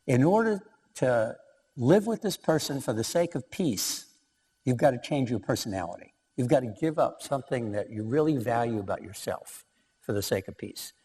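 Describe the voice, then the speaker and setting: A man's voice: mid-range voice, a little mellow. A man lecturing about relationship research in a casual way with many fillers, in a hall with long reverb. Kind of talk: lecture presentation.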